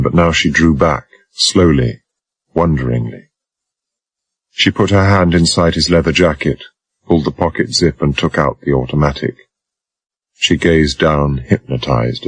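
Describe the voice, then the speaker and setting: A man narrating a thriller audiobook in a measured, even way. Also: extremely low pitch, husky, dry recording.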